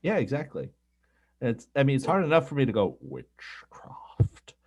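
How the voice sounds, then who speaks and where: A man's voice: medium pitch, lively intonation, fast, muffled recording. A man hosting a casual podcast chat, self-deprecating and rambling, often restarting his sentences. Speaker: podcast host.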